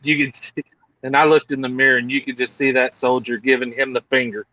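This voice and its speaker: A man spins an animated story in a relaxed group chat, acting out other people's lines as he goes. His voice sits at an ordinary pitch. The sound is dull and lo-fi, dry and close, like video call audio. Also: fairly quick, no echo. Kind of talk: casual chat.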